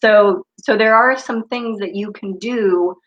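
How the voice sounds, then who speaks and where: A woman's voice: mid-range voice, a little slow. Chatty spiritual coach woman, lo-fi live stream. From United States. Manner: chatty, tangent-prone, spiritual. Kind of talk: casual live-stream talk with viewers.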